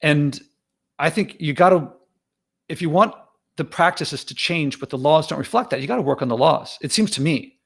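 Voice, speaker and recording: A man's voice: fairly high pitch, moderate pace, creaky, slightly rough. A man as a guest in a casual discussion, speaking hesitantly and circling back over his points.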